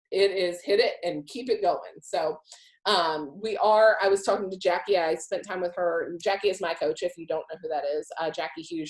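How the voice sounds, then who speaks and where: A woman's voice: fairly low pitch, a little mellow, roomy sound. A woman leading a team call as a coach, talking in an upbeat, emphatic, casual way. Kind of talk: motivational team call talk. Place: home in Hawaii.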